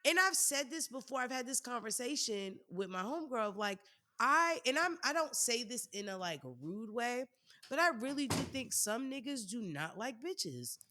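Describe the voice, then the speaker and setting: Woman, young adult, podcast co-host, frank casual chat, bright, animated pitch. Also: moderate pace. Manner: animated, frank, many fillers.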